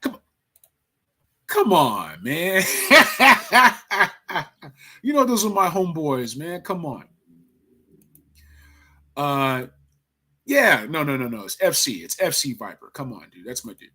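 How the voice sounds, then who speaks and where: A man hosting a casual livestream about toy figures, excitable and slangy, laughing often and talking to his viewers. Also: a little high, moderate pace, pauses often.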